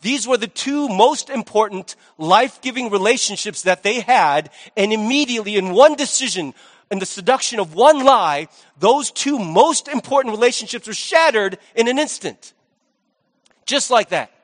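Guy preaching a sermon, pretty high voice, chatty and jokey, lots of hall echo. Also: normal speed. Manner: animated, conversational, jokey asides. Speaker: pastor. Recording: long hall reverb.

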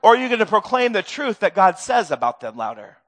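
High-voiced earnest preaching man. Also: big pitch swings, fairly quick, fairly bright tone. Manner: earnest, conversational preaching with self-deprecating humor. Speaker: pastor. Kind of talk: sermon. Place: church sanctuary.

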